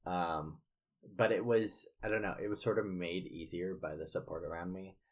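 A man's voice: low voice, fairly even intonation, moderate pace. A young man co-hosting a podcast, telling stories in casual chat, rambling with lots of fillers. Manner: rambling storyteller with many fillers. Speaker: podcast co-host.

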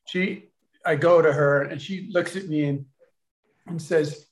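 Male storyteller, slightly high-pitched, casual and halting, rambling delivery. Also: fairly even intonation. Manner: rambling, halting with many restarts. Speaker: storyteller at a gathering.

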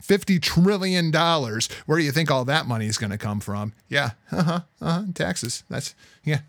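A man co-hosting a heated political talk podcast, profane and exasperated, swinging between loud outbursts and low muttering. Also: animated, normal speed, creaky, no room sound. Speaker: podcast co-host.

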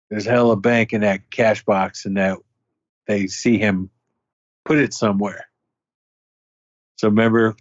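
A man's voice: lowish voice, no room sound, muffled recording. A man casually discussing a horror movie with his co-host, chiming in with corrections and jokes. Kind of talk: casual movie recap chat.

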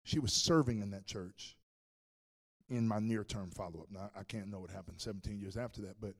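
A male pastor preaching a sermon, telling a story with animated swings between loud and hushed. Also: lowish voice, a little fast, husky.

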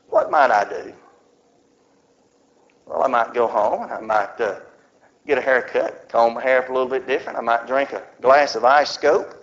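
A man's voice: mid-range voice, moderate pace, long pauses, fairly bright tone. A man preaching a sermon, telling a folksy story and acting out its little scenes. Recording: muffled lo-fi recording.

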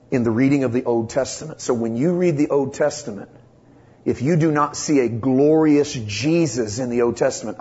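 A man's voice: mid-range voice, a little mellow, dull audio. A man preaching a sermon as pastor, emphatic and impassioned, building in intensity as he presses his points.

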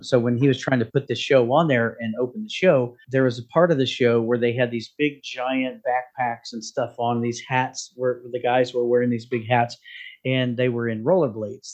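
A man in his fifties hosting a casual interview, relaxed and chatty as he looks back on old times. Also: mid-range voice, moderate pace. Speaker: podcast host.

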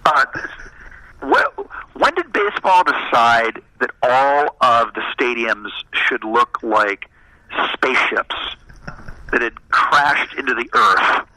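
A man chatting casually, telling stories in an animated, self-deprecating way. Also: medium pitch, takes it slowly, no room sound, rough recording. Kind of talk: casual chat.

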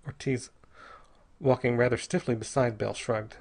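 A man reads a story aloud at an even, measured pace. His mid-pitched voice carries a slight husky grain. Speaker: audiobook narrator. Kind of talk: scripted narration.

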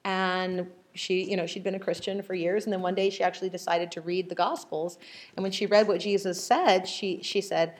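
Woman, study group leader, mid-pitched, lively storyteller who slips into quoted voices. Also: fairly quick. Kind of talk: casual group Bible study discussion.

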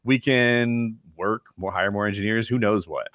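Opinionated low-voiced man on a podcast. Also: moderate pace, fairly bright tone, dry recording, clean studio sound. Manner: opinionated, explains with emphatic asides. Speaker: podcast co-host. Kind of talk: casual chat.

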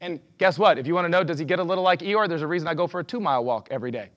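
A male pastor preaching a sermon to a congregation in a lively, personal way, leading them aloud. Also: a little high, rapid-fire. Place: church before a congregation.

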